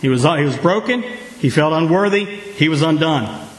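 High-voiced preacher in an echoey church. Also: male voice, expressive, moderate pace. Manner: preaching with call-and-response, sudden loud outbursts. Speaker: pastor. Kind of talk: sermon.

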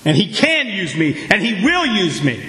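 A man with a high voice preaches to his congregation, calling for responses and bursting into sudden shouts. The sound is roomy and echoing off the walls of the church sanctuary. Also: huge pitch swings, normal speed. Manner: preaching with call-and-response, sudden loud outbursts. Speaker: pastor. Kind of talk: sermon.

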